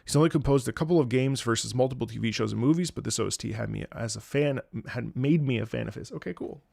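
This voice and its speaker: A man's voice: mid-range voice, quick pace, vocal fry, darkish tone, no room sound, studio quality. A man live-streaming his reactions to game music, reflective and rambling, his voice tired from travel. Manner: rambling, reflective, many restarts. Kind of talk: casual live-stream commentary.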